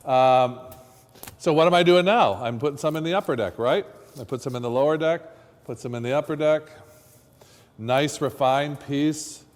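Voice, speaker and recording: A man's voice: fairly high pitch, normal speed. A man teaching floristry in a hands-on demonstration lesson, chatty and coaching, quizzing his students as he works. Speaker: floristry instructor. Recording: long reverb from a hall.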